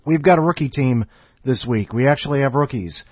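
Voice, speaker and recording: A man's voice: mid-range voice, brisk, darkish tone, slightly rough, no echo, lo-fi sound. Wry male podcast host. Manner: wry, joking, upbeat. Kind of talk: casual podcast hosting.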